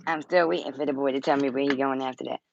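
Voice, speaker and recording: A woman's voice: a bass voice, steady tone, fast talker, creaky, darkish tone, muffled recording, a little hiss or hum. A woman hosting a casual livestream from home, blunt and teasing, swearing freely as she talks. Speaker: tarot reader and channel host.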